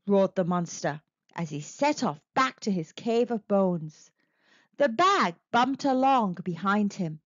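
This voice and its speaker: A woman storyteller reading a children's picture book aloud in a slow, very expressive way. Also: mid-range voice, no room sound, lo-fi sound.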